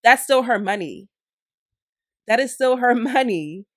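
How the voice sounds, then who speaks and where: A woman vlogger giving commentary, indignant and animated, who laughs as she rants. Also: a little high, measured pace, no room sound, clean studio sound. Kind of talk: commentary and storytime.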